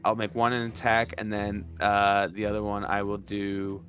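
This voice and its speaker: A man playing a tabletop game, thinking aloud through his turn in an unhurried way. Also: fairly low pitch, completely flat delivery, a bit bright, soft background music. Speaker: player. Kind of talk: tabletop game play on stream.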